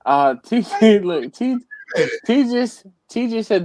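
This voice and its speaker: Laid-back male host, unhurried delivery, dry close sound. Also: sits high, big pitch swings, dark tone, no room sound. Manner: laid-back, joking, repeats himself. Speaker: livestream host. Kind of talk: casual group chat.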